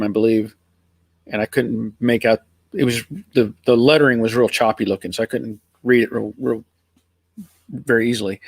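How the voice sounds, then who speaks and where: A man's voice: mid-range voice, no room sound. Easygoing American man, dry sound. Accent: American, between Northern and Southern US. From Pennsylvania, USA. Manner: rambling, easygoing, chuckling. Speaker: live stream host. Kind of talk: casual live chat reading viewer comments.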